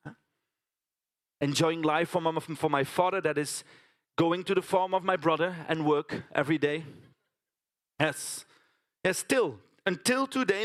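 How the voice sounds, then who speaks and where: High-voiced storyteller man. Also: fairly bright tone. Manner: chatty, addresses the audience with tag questions. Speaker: stage performer. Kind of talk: theatrical storytelling monologue. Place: conference stage.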